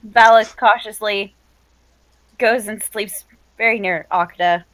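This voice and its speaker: A woman's voice: medium pitch, steady tone, slow, fairly bright tone, poor audio. A woman playing a tabletop game, chatting casually and laughing often. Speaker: player.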